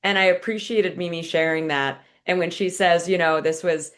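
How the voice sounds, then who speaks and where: A woman author hosts a virtual fireside chat over a video call. Her voice sits a bit low, and she talks in a chatty, enthusiastic way. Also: fairly even intonation, moderate pace, a bit bright. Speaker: author and host.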